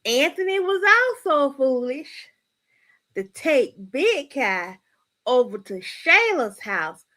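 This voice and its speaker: A woman hosts a folksy word-of-the-day segment on a live stream. She talks in a sassy, gossipy way and keeps calling out to her viewers. Her voice sits high and swings widely in pitch. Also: slow pace. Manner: animated, sassy and gossipy, addresses viewers as y'all.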